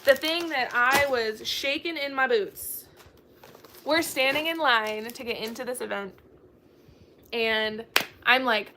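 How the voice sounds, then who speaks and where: A woman's voice: fairly high pitch, slow, long pauses, noisy background. A young woman hosting a casual book chat, telling a bubbly story and acting out the quoted dialogue. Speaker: book channel host.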